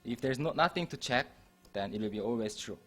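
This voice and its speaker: Male university lecturer, mid-pitched voice, patient and repetitive classroom explaining. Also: animated, brisk, a bit bright, husky, faint music behind. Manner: repeats and restarts phrases while explaining.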